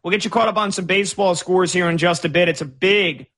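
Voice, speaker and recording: A man's voice: sits high, quick pace, a bit bright. A man hosting a sports radio show in a studio, chatty and opinionated with a playful streak. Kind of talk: casual sports talk. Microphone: studio microphone.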